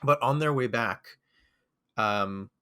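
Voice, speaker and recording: A man's voice: mid-range voice, takes it slowly, sharp tone, clean tone. A young man co-hosting a podcast, telling a rambling story and laughing often. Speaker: podcast co-host. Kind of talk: casual chat.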